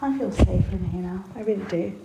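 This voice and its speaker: A woman livestreaming casual chat from a small room in a mosque, quiet and out of breath, half-whispering at times. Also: medium pitch, fairly quick, creaky. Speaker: vlogger. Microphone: phone. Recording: noisy phone recording.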